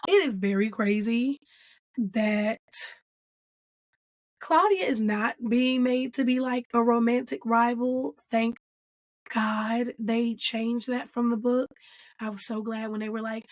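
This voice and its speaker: A woman hosting her own show, recapping a TV episode in a casual, animated and emphatic way. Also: on the high side, slow pace, dry recording. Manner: animated and emphatic, acting out characters' lines and calling them "girl". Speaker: host reviewing a TV episode.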